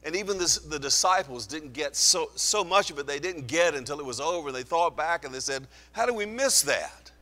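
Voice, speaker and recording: A man's voice: fairly high pitch, sharp tone. Man preaching a sermon, earnest and emphatic, with a tense edge, heard in a big echoing hall. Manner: earnest, emphatic, slows for stress. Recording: long hall reverb.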